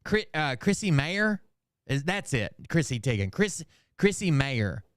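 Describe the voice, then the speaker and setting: This commentary-channel host speaks a little high and a little slowly, with a sing-song lilt, recorded clean in a studio with no echo. His talk is loose and meandering. Names slip his mind, and he swears under his breath along the way.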